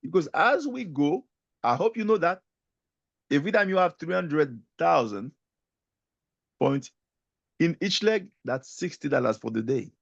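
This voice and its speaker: A man speaking as an emphatic, animated guest speaker, his fairly high voice carrying a gravelly rasp. The sound is dry and close, though the audio comes across dull and lo-fi. He delivers a motivational sales talk with lively storytelling. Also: unhurried, pauses often, no echo. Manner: emphatic, animated storytelling, keeps addressing the host by name.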